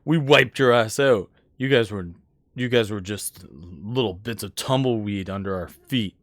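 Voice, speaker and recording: A man's voice: lowish voice, unhurried, no echo, clean studio sound, lightly acted. Man voicing a spiteful talking severed head. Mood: hostile. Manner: groaning, spiteful, threatening. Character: bitter reanimated severed head of a slain man.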